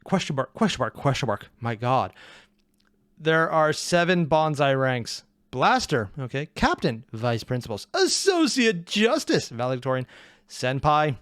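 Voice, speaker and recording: Reaction host, man, wry and chatty, dry close sound, mid pitch. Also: expressive, normal speed, a bit bright, smooth, no echo. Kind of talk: casual reaction commentary.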